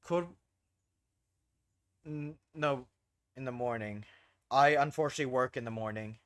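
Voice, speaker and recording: A man chats casually as host of a live stream, rambling a little and poking fun at himself. His voice is smooth and clear. It sits dry and close on the mic. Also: medium pitch, measured pace, no echo. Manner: easygoing, rambling, self-deprecating. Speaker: streamer hosting a group playthrough.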